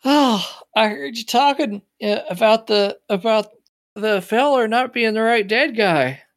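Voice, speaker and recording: A man's voice: high-pitched, measured pace, a bit bright. A man voicing a scrappy young boy who begs to help, stammering and eager.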